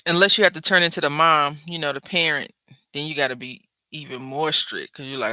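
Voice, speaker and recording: A woman hosting a crafting video, chatting and telling stories while she works, acting out quoted lines with big jumps in pitch and dropping to soft murmurs when she concentrates. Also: fairly quick, no room sound. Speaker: crafting channel host. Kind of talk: casual chat while crafting.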